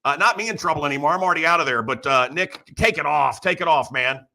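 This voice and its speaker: A man's voice: on the high side, fast talker, creaky, bright, forceful tone, a little hiss or hum. Rambling brash middle-aged male host. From Chicago area. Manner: rambling storyteller, acts out quoted voices. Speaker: radio host. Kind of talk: casual opinionated monologue.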